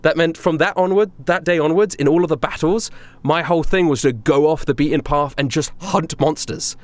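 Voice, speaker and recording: A man's voice: on the high side, a little fast, no room sound. A young man co-hosting a podcast, telling a story casually with frequent laughs and fillers. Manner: animated, laughs often, filler-heavy. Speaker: podcast co-host.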